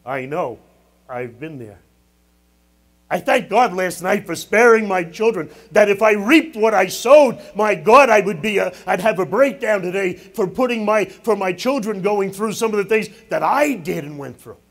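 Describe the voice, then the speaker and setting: A man's voice: high voice, normal speed, few pauses. A middle-aged man preaching a sermon as pastor, building emphasis and dropping in humorous asides.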